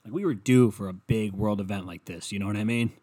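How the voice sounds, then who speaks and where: A man's voice: fairly low pitch, fast talker, warm tone. A young adult man rambling and ranting at home, sarcastic and full of swearing, in a solo comedic monologue.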